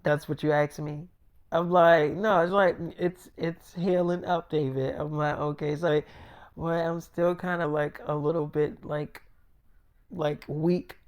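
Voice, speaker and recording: A man's voice: fairly high pitch, fairly even intonation, unhurried, smooth. A man telling a long story in a casual, rambling monologue. He talks in slangy street speech, boasts, and fills his sentences with "like" and "you know". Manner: rambling, repeats fillers like "like".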